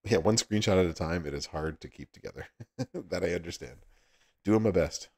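A man's voice: deep voice, expressive, brisk, darkish tone. A man with a Southern US accent hosting a livestream, chatting casually with viewers and laughing often. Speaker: livestream host.

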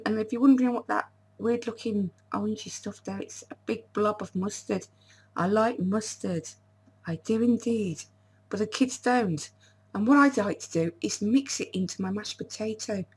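A woman's voice: fairly high pitch, slightly rough. A woman, chatting casually to camera in a diet vlog, with lots of stumbles and restarts. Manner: chatty, stumbling restarts and self-deprecating asides. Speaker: vlogger.

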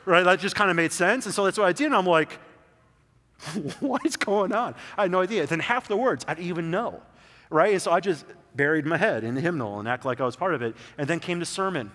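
A man's voice: a little high, pushed and bright. A young adult man preaching a sermon in a church sanctuary, telling a story in a loose, conversational way with lots of "like"s. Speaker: pastor. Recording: church hall reverb.

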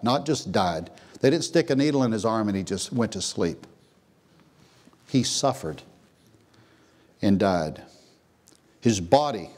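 A pastor preaching a sermon in a church, swinging from hushed, slow lines to loud, high exclamations. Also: male voice. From Texas. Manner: preaching with big swings, dropping to a hush then rising to a near shout. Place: church sanctuary.

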